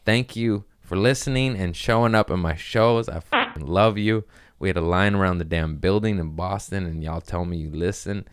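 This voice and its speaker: A man with a low voice hosts a loose solo podcast, rambling, cursing freely and laughing often. The sound is dry and close, with no room around it. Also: moderate pace, smooth, no room sound. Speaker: comedian and podcast host. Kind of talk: casual solo podcast monologue.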